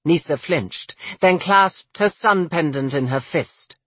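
An audiobook narrator reading a fantasy novel in a measured, expressive way. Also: medium pitch, breathy edge, dry recording. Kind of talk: scripted narration.

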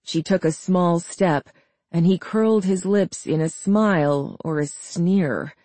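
Slow, steady audiobook narrator. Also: medium pitch, no echo. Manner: steady, measured reading. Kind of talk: scripted narration.

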